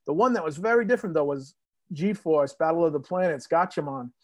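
A man's voice: a little high, brisk, no echo. A man in his fifties from New England, reminiscing in rambling casual chat with many fillers, as a guest on a podcast. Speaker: guest, host's father or uncle.

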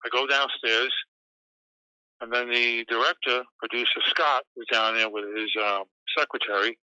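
A man guest in an interview, telling stories in an animated, rambling way and swearing casually. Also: mid-range voice, moderate pace, clear, resonant tone, dry recording. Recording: dull lo-fi sound.

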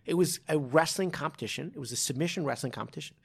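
A man's voice: on the high side, quick pace, gravelly, husky. A man co-hosting a casual podcast as a martial arts coach, rambling with lots of restarts and laughing easily. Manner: rambling, many restarts and fillers, laughs often.

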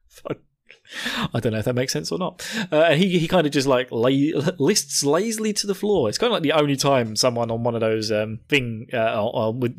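A young man hosting a podcast, rambling through a casual episode recap with frequent laughs. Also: medium pitch. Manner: rambling, jokey, laughs often. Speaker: podcast host.

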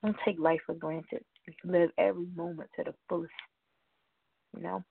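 Low gravelly woman hosting a show, rambly and chatty, sounds like a phone line. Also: steady tone, normal speed, no room sound. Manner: rambling, chatty, laughs often. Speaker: radio show host. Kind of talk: casual show chat reading birthdays. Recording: tinny phone-like line, dry.

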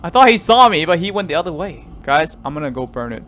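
A man commentating a horror game let's play, jumpy and easily startled, swinging between loud yelps and quiet muttering. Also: a little high, big pitch swings, fast talker, a little hiss or hum. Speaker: gaming YouTuber.

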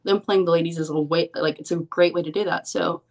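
Young woman guest, casual and frank, says like a lot, voice sits a bit low. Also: steady tone, a little fast, vocal fry, darkish tone. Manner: chatty, frank, many "like" fillers. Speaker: professional poker player, guest. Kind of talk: casual interview chat.

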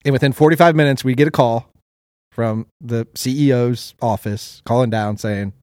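A man, a restaurant owner, being interviewed on a podcast, calmly explaining how banks work through anecdotes. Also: medium pitch, dry recording, clean studio sound. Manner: measured, explains with anecdotes, repeats for emphasis. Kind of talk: casual interview chat.

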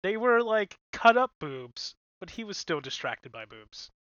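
A man's voice: sits high, sing-song, measured pace, a bit bright, clean tone, no room sound, highs cut off. A man co-hosting a podcast in casual, wry, sarcastic chat. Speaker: podcast co-host.

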